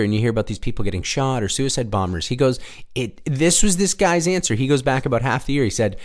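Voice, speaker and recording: A man's voice: medium pitch, quick pace. A man casually telling a long story on his own show, rambling, restarting sentences and swearing now and then.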